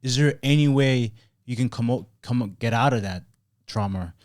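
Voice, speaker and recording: A man hosting a casual podcast chat, asking thoughtful, halting questions. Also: medium pitch, a little mellow, dry recording, studio quality. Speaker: podcast host.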